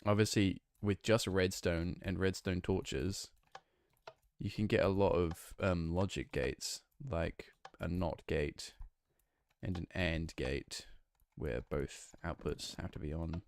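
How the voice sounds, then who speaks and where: A man's voice: low voice, fairly even intonation, takes it slowly. A young man with a northwest English accent close to Manchester, chatting casually with his stream chat while he plays, rambling and restarting his sentences. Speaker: game streamer.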